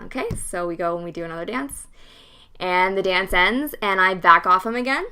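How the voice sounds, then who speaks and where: Bright-voiced woman telling a blunt story. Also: fairly low pitch, moderate pace, clean tone. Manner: animated, acts out the dialogue of her story; blunt, swears freely. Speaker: podcast host. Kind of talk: casual storytelling.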